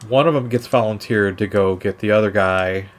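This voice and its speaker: A man's voice: on the low side, normal speed. A man narrating as game master of a tabletop game, rambling with many fillers.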